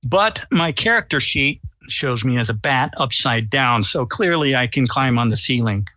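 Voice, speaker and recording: A man playing a tabletop game, describing his vampire's actions in a deliberate, wry way. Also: mid-range voice, lively intonation, pushed and bright, dry recording. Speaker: player.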